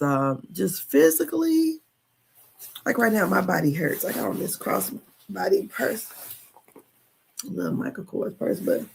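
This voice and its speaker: Chatty gravelly woman in her fifties. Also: low voice. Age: 50s. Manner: chatty and candid, laughs often, colloquial. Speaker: podcast host. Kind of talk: casual live-stream chat.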